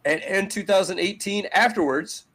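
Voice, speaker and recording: A man co-hosting a sports podcast, ranting in a profane, sarcastic way with loud jumps in pitch. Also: moderate pace. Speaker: podcast co-host. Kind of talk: heated sports talk.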